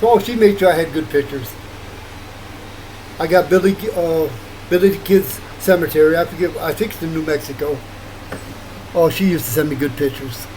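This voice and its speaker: A man's voice: on the high side, moderate pace, pauses often, a little mellow, slight background noise, low-quality recording. An older man rambling through a late-night monologue, wandering from thought to thought and laughing often. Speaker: vlogger.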